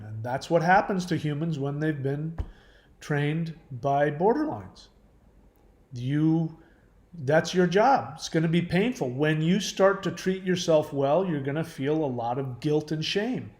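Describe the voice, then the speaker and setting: A man's voice: on the high side, a little mellow, roomy sound. A man hosting a casual livestream, answering viewer questions earnestly with fillers and restarts.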